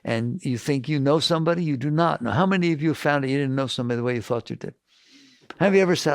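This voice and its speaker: Blunt, gravelly-voiced male spiritual teacher. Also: fairly high pitch, quick pace, no echo, clean studio sound. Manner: blunt, animated, rhetorical questions. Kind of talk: spiritual talk to an audience.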